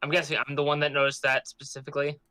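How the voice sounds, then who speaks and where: A man plays in a tabletop game with a bright, crisp voice in a dry recording. He speaks tentatively and asks a lot of questions. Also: on the high side, completely flat delivery, very fast, dry recording. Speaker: player.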